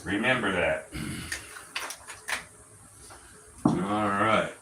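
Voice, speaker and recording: A man's voice: fairly low pitch, very animated, very slow, creaky, background noise. A man hosting a gambling show, explaining roulette betting in a blunt, profane, chatty way. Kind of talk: casual instructional talk. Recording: roomy, distant mic, faint ambience.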